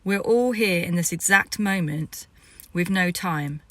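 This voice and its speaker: Low-voiced woman recounting a vision. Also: measured pace, no echo. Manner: rambling, drops into whispers. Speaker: spiritual vlogger. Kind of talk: storytelling about a vision.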